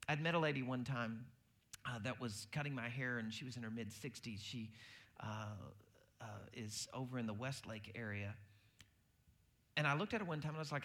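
A man's voice: mid-range voice, normal speed. A man preaching a sermon, telling everyday stories and acting out the voices in them. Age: adult with a baby due. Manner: animated storytelling, acting out quoted voices. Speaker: pastor.

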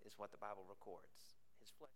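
Bright-voiced, joking male pastor. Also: fairly low pitch, a little fast. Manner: conversational and joking, dropping to a hushed intensity. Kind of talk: sermon.

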